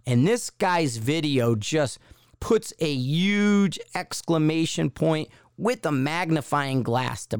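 A man's voice: on the high side, clear, resonant tone, no echo, studio quality. A man hosting a podcast in casual solo chat. He rambles, with many fillers and restarts. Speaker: podcast host.

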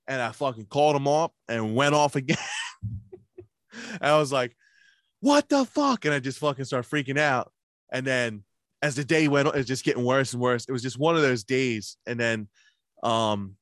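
Brisk and a bit bright at medium pitch, a man talks casually in a studio-quality recording with no echo. He recounts long, profane workday stories, laughing along and voicing both sides of the conversations as he recalls them.

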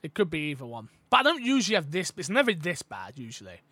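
A man's voice: a little high, quick pace. A man with a British accent co-hosting a gaming podcast, chatting casually and playfully. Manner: playful, animated, jokes and does voices. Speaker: podcast co-host.

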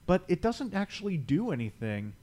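A man's voice: sits high, very animated, normal speed, dark tone. A man in a casual film chat with friends, dry and dismissive of the movie. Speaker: podcast co-host.

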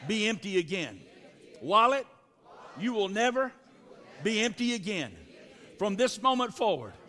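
A man preaches to his congregation, his voice pitched high. He drives his points home with repeated calls and responses in the manner of a pastor. The sound carries the long reverb of a large church hall. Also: a bit bright. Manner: preaching with call-and-response, repetitive exhortations. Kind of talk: sermon.

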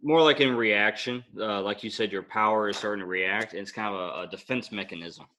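A man acting as game master, explaining rules and narrating scenes in a relaxed way with many fillers. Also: lowish voice, fairly quick.

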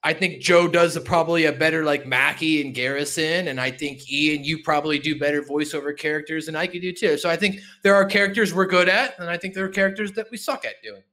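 A man hosting a casual podcast, chatty and quick to laugh. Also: on the high side, steady tone, bright, forceful tone. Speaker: podcast host.

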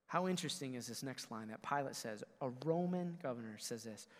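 A man pastor preaching a sermon to his congregation, swinging from booming, emphatic lines to hushed ones and speaking straight to the listeners. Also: animated, brisk, big-room sound. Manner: talks directly to the congregation.

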